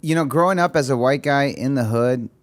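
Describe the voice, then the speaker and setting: A man's voice: medium pitch, a little fast. A man born in Egypt hosts a casual podcast. He talks in an easygoing, storytelling way and sometimes halts and restarts. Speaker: podcast host.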